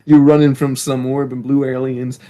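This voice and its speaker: Jokey young man, slightly higher voice. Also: big pitch swings, normal speed, darkish tone. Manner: jokey, self-mocking, trails off mid-thought. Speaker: podcast co-host. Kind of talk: casual movie chat.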